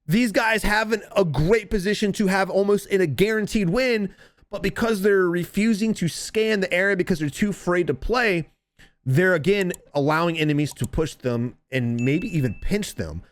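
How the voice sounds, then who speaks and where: A man coaching viewers over game footage, deliberately dramatic and emphatic, talking straight to his audience. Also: sits high, no echo. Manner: addresses viewers and chat directly. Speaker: gaming coach commentator. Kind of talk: gameplay commentary and tips.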